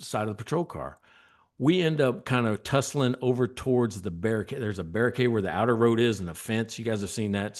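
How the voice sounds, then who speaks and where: A man telling a long story as a podcast guest, acting out quoted lines and laughing often. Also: mid-range voice. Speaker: guest, former state trooper.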